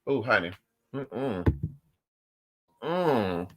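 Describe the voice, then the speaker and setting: A man hosting a casual livestream, telling stories in an animated, profane and sassy way while answering viewers. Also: medium pitch, extremely slow, long pauses. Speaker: livestream host.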